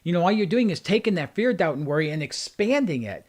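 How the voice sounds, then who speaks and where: A man's voice: high-pitched, very animated, fast, darkish tone. A man who works as a life coach, giving an earnest motivational talk on a livestream and driving points home with repeated phrases. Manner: earnest, repetitive emphatic phrasing.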